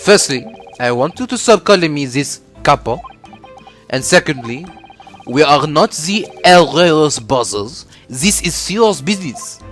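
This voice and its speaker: A man doing a pompous French aristocrat swindler from a video game, grand and theatrical in a put-on French accent. The voice sits a little high. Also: lively intonation, unhurried, fairly bright tone, faint music behind. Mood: grandiose.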